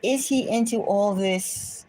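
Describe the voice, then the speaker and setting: Speaking slowly over music in a mid-range voice, a woman who runs a tarot channel goes on an indignant political rant to camera. It rambles, with frequent restarts, rhetorical questions and self-interrupting asides.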